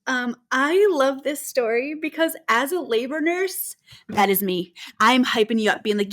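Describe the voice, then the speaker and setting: A woman in her thirties co-hosts a casual podcast and reads stories aloud. Her voice sits a little high. She is animated and quick to laugh, and she acts out the quoted lines. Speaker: podcast co-host, labor nurse.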